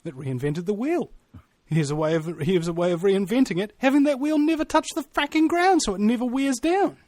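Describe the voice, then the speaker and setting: Male radio host, blunt pep-talk delivery, slightly high voice, dry close sound. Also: a little mellow, dry recording. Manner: blunt, fired-up motivational talk. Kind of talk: casual radio chat.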